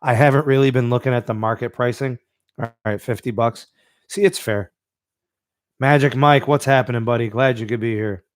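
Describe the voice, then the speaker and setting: A man's voice: medium pitch, fairly even intonation, moderate pace, no echo, clean studio sound. A man hosting a live-stream podcast in a laid-back way, reading out and answering the live chat with plenty of fillers. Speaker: podcast host.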